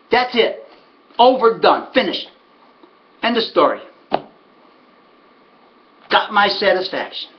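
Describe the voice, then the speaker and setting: A man, a harness horse trainer, casually telling a story in an animated, emphatic way, repeating words for effect. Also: high voice, takes it slowly, pauses often. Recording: dull lo-fi recording.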